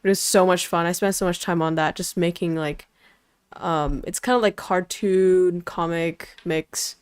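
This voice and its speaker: A young woman vtuber streams a game live, chatting casually, reading story text aloud playfully, switching languages, and greeting her chat in a teasing way. Her voice is lowish, steady, unhurried, clear and resonant, captured dry with studio quality.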